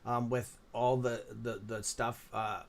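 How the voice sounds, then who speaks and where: A man's voice: medium pitch, level tone, slow. A tired man with a Canadian accent hosting a live stock-trading stream, rambling with many fillers as he reads out chat names. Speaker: livestream stock trading host. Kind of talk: casual live-stream commentary.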